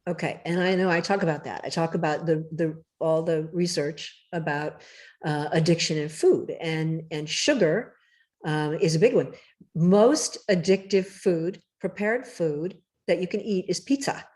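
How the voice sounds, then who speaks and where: A woman author talking emphatically and directly in a casual interview, with a slightly rough morning voice. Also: sits low, a little slow, a little mellow. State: morning voice, clearing throat. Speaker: cookbook author guest.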